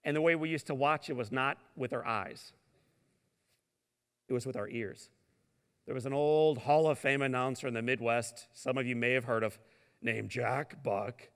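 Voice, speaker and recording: A middle-aged man from St. Louis gives a motivational keynote in a large hall, and his voice carries a gravelly edge. He tells the story dramatically, swinging from loud, booming lines down to hushed whispers, and a long reverb trails after each phrase. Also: moderate pace. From St. Louis, Missouri. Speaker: keynote speaker.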